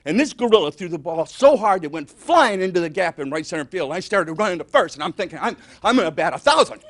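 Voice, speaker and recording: A man's voice: high voice, expressive, quick pace. An older man from Detroit doing rambling, self-mocking stand-up comedy. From Detroit, Michigan. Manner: rambling, self-mocking, exaggerated tall tales.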